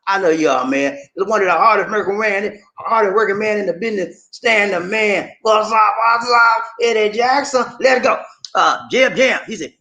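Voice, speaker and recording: A man hosting a casual livestream, reading out viewer comments and chatting back in an animated, drawling way, often tossing in "man". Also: high-pitched, normal speed. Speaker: vlogger reading live chat.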